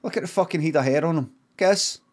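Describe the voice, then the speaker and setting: A middle-aged man with a Scottish accent spins an improvised comic yarn. His delivery is deadpan and meandering, full of casual swearing and sudden tangents. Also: a little high, quick pace. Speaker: streamer.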